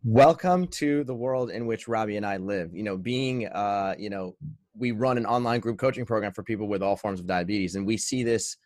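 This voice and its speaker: A man's voice: lowish voice, normal speed, a little mellow, dry recording, clean studio sound. A man, co-host and coach, explaining things in an earnest, conversational way. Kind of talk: conversational interview.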